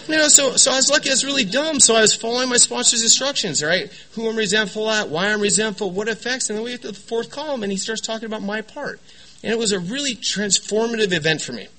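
Man, somewhat high voice, bright tone, animated storytelling, recovery meeting testimony. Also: poor audio. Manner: animated, joking storyteller with lots of "right?" and "you know". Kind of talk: personal testimony talk. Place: meeting room with an audience.

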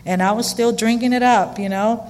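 A middle-aged woman candidly telling her own life story, chatty and animated with lots of fillers. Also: a little high, moderate pace. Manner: chatty and animated, frequent fillers and quoted dialogue. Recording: long reverberant hall.

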